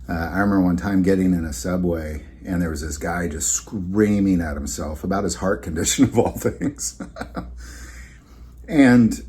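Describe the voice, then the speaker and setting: Man, very low voice, casual vlog storytelling, rambling with fillers, faint ambience behind. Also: a little mellow, a little hiss or hum. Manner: rambling, conversational, many fillers and restarts. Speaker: channel host.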